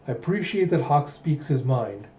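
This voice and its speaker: A man voicing a gentle, mild-mannered older king in a soft, soothing way. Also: mid-range voice, animated, moderate pace, lightly acted. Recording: dull roomy home recording.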